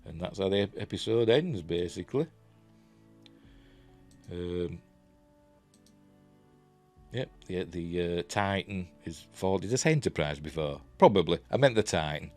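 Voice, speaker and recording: A man's voice: deep voice, expressive, unhurried, pauses often, darkish tone, soft background music. A man with a Yorkshire accent giving a rambling, enthusiastic casual review, full of ums and restarts. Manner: rambling, filler-heavy, enthusiastic. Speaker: TV review vlogger.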